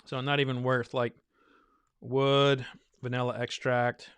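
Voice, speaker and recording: A man talks casually and rambles with plenty of fillers, a little winded from all the talking. His voice is smooth and clear at a middling pitch. The sound is dry and close, with no room echo. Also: little pitch movement, unhurried, fairly bright tone. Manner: rambling, loose, thinking aloud with many fillers. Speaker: bourbon reviewer hosting a blind tasting. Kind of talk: casual live tasting chat.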